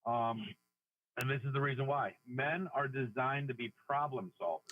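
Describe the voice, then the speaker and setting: A man's voice: medium pitch, moderate pace, dry recording. A man calling in to a radio show, explaining his point with frequent restarts. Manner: explains with restarts and repeated words. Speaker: radio caller. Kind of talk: casual call-in chat. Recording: dull phone-line caller audio.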